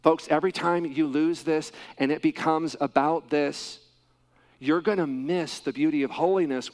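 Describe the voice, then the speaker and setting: A pastor, a man with a high voice, preaching a sermon. He leans hard on key phrases and drops into pauses between them. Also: steady tone. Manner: emphatic, with dramatic pauses and wide swings in loudness.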